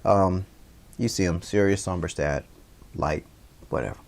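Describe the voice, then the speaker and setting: A man's voice: low voice, unhurried, creaky, a little mellow. A man teaching a casual class over a stream, rambling, with many fillers and restarts. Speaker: instructor. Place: livestreamed class.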